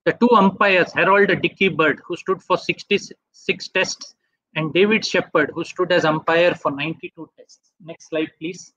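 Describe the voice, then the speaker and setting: Male webinar presenter, measured delivery, dry muffled sound. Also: sits high, fairly even intonation, sharp tone, no room sound. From India. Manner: measured, asks for next slide often. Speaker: webinar speaker. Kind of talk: slide presentation lecture. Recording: dull dry online audio.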